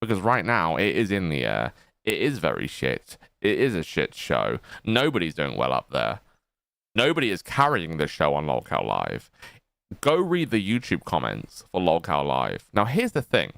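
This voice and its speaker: A man's voice: low-pitched, huge pitch swings, normal speed, creaky, a bit bright, clear, resonant tone, no room sound. A tipsy man streaming, sarcastic and swearing as he rambles. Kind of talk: rambling livestream commentary.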